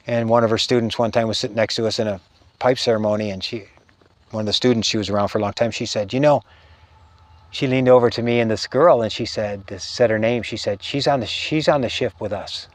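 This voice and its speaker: A middle-aged man, a spiritual teacher, telling a meandering story in a halting way, full of restarts and trailing phrases. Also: on the low side, fairly even intonation, no echo.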